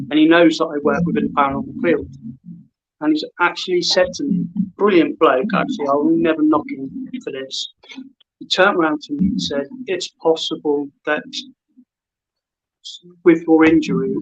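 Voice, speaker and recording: Man hosting, on dull lo-fi audio. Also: a little high. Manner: chatty, storytelling, earnest. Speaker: podcast host. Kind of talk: casual podcast interview.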